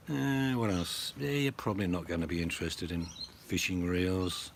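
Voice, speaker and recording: A man's voice: fairly low pitch, normal speed, a little hiss or hum. A middle-aged Australian man vlogging in a blunt, joking, rambling way. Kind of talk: casual to-camera chat.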